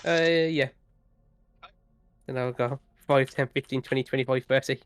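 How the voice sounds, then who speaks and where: A man's voice: medium pitch, fairly even intonation, normal speed, clear, resonant tone. A man playing a tabletop game, cheerful and playful. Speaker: player. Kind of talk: casual tabletop play.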